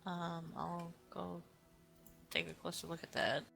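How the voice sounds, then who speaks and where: Hesitant female player, low-ish voice with a gravelly, bright edge. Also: flat delivery, measured pace, soft background music. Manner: hesitant, many ums. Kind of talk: casual tabletop play.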